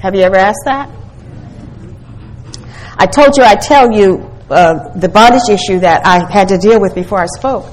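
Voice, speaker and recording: A woman's voice: mid-range voice, moderate pace, pauses often, rough recording. An older woman preaching a sermon to women, emphatic, quoting scripture and asking her listeners questions. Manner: emphatic, asks the audience questions, quotes scripture. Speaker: women's ministry speaker.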